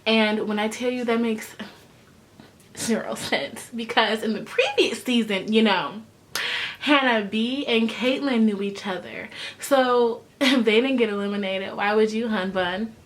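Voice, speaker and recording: A woman's voice: a little high, measured pace. A young woman giving a chatty, sassy recap of a reality show, full of slang. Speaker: recap vlogger. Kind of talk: casual TV recap.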